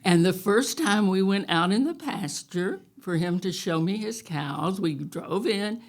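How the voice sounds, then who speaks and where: A woman telling a true story on stage to a live audience, wry and unhurried, often chuckling. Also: mid-range voice, expressive.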